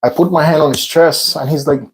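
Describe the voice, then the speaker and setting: This vlog host's voice sits fairly high with a steady tone, and he speaks a little fast over poor audio. He's chatting casually between workout sets, looping back through the same personal story and padding it with fillers.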